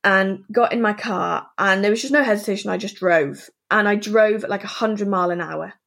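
Interview guest: woman, earnest, halting storyteller, mid-pitched. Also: vocal fry, a bit bright. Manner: earnest, halting, full of asides. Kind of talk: candid personal storytelling.

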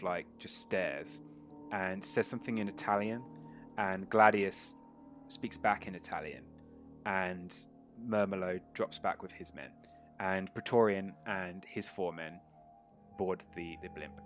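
A man narrating as game master of a tabletop role-playing game, relaxed and storytelling, with many fillers. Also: sits low.

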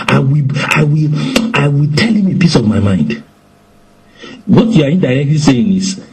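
Animated man preaching with lively pitch. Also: a little hiss or hum, low-quality recording. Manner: animated, acts out quotes in shifting voices.

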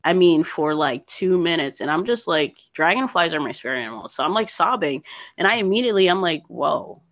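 A woman from New Jersey, a hiking podcast guest, telling an emotional personal story in a casual, animated way with lots of fillers. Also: lowish voice, a little fast, dry recording, highs cut off. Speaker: podcast guest, thru-hiker.

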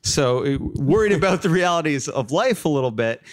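A man's voice: a little high, animated, a little fast. A young man telling a long personal story in a casual chat as a guest, full of fillers like "like" and "uh". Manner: rambling, filler-heavy, laughs through his stories.

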